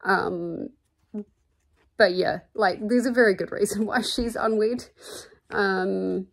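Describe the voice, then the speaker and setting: A woman's voice: mid-range voice, slow, creaky. A woman with a New Zealand accent chatting casually in a book vlog from home, full of fillers and openly indignant about what she reads. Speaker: book vlogger. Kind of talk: casual reading vlog chat. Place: at home with her cat.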